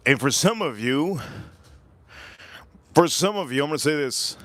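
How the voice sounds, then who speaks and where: A man's voice: a little high, expressive, a little slow, fairly bright tone, dry recording. A man hosting a live stream, rambling through stories and repeating himself as he talks to his chat. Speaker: livestream host.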